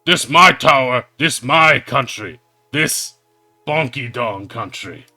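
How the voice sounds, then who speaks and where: A man voicing a big blustering male ape king who talks in loud, broken grammar. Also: medium pitch, animated, takes it slowly, no room sound, studio quality, soft background music, exaggerated voice. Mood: bossy.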